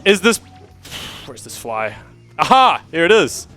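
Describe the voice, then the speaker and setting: A man's voice: on the high side, very animated, a little slow, a bit bright, faint music behind. A man speedrunning at a live marathon, chatting casually and laughing at himself while he plays. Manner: laughing, self-deprecating, chatty. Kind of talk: casual live gameplay commentary. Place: event venue.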